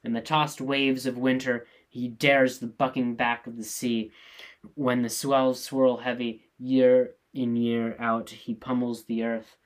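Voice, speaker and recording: A man reading the chorus part of a play, reciting slowly and in a measured way. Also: medium pitch, little pitch movement, lightly acted, poor audio. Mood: solemn. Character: solemn chorus of old men.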